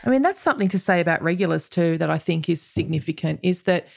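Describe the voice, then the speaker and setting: A woman's voice: lowish voice, animated, quick pace, creaky. A woman interviewing a guest, asking leading questions and adding reflective asides of her own. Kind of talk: conversational interview.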